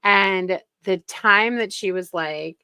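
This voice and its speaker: A woman's voice: mid-range voice, takes it slowly, bright, forceful tone, smooth, no echo. A woman hosting casual commentary in a sarcastic, gossipy way. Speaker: commentary channel host.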